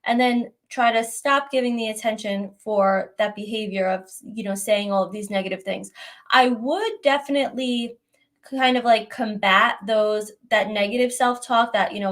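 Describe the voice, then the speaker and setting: A young adult woman hosting a live question-and-answer stream, giving advice in a conversational, gently reassuring way and often checking in with "right?". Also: a little high, moderate pace. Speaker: host answering viewer questions.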